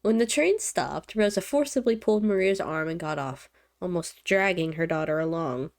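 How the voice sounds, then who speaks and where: A young woman reading a visual novel aloud as a let's-play host, breaking off with loud reactions. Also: on the low side, normal speed. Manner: expressive, reacts loudly.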